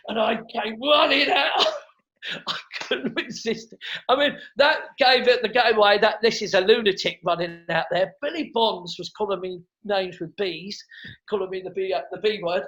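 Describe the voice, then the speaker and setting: A middle-aged man, a comedian, telling stories in a casual interview, animated and quick to repeat words and act out what others said. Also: high voice. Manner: animated storyteller who acts out quotes and repeats words. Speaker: comedian guest. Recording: dull lo-fi sound.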